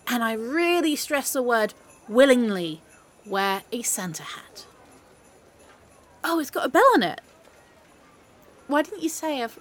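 A woman playing a sarcastic Christmas-hating girl. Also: high-pitched. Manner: exasperated, mocking, dramatic. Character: grumpy sarcastic young woman who hates Christmas. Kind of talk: audio role-play.

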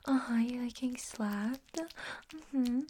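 A woman's voice: fairly high pitch, steady tone, mellow, slightly rough. A woman playing a scornful, domineering young woman in a whispered role-play, harsh and mocking. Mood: taunting. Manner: harsh, mocking, profane, slow taunting.

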